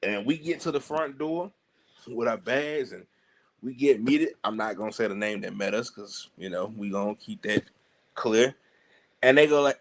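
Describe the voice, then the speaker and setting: A young man with a Southern US accent, telling animated stories on a podcast and acting out the voices of people he quotes. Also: medium pitch, normal speed. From Southern United States. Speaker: podcast guest. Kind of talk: casual storytelling.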